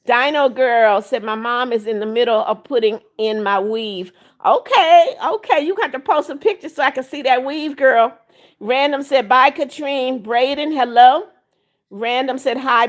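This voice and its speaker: A woman's voice: sits high, unhurried. An older woman hosting a live stream, reading viewer comments aloud, greeting people by name and firmly scolding rule breakers. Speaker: livestream host.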